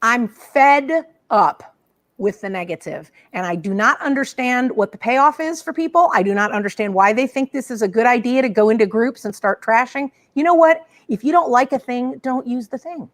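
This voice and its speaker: Woman co-host, fairly high voice, blunt and heated venting. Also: a little fast, hardly any pauses. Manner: frank, fired-up ranting, drawling. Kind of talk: casual chat.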